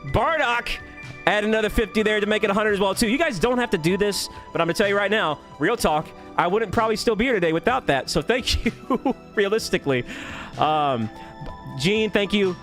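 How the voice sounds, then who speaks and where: A man streaming live, cheerfully greeting viewers by name and thanking them with quick laughs. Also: high-pitched, expressive, faint music behind. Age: adult. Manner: upbeat, rapid shout-outs with laughs. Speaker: YouTube streamer.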